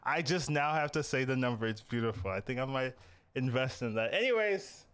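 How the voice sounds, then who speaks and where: A man hosting a casual podcast, animated and chatty, often restarting his sentences. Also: mid-range voice, a crowd in the background. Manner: animated, quick back-and-forth, restarts. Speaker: podcast host.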